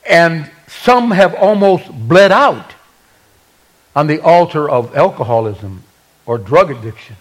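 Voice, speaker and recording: A man preaching a sermon from the pulpit. His voice sits high for a man and swings widely in pitch, and he tells the story with animated, humorous energy. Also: low-quality recording. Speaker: pastor.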